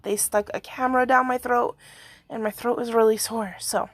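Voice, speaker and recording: A hoarse woman with a rambling manner, giving a casual video update on earthquakes. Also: fairly high pitch, steady tone, normal speed, no room sound. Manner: rambling, frequent fillers and yawns. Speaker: earthquake forecast vlogger.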